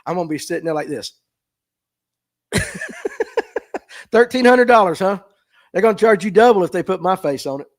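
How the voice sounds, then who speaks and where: On his fishing livestream, a man from the Southern US reads out viewer comments and replies with folksy jokes at his own expense. His somewhat high voice is expressive and moderately paced, broken up by frequent pauses. The sound comes from a phone mic.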